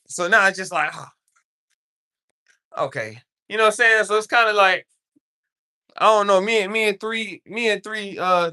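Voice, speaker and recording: Bright, forceful, and clean in tone, a medium-pitched voice carries a streamer's rambling, casual talk. They keep checking in with viewers and lean heavily on the phrase "you know what I'm saying."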